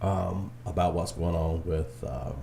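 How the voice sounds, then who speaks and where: A man's voice: deep voice, a little slow, creaky, warm tone. A man hosting a casual sports talk show in a studio, teasing his co-host and laughing easily.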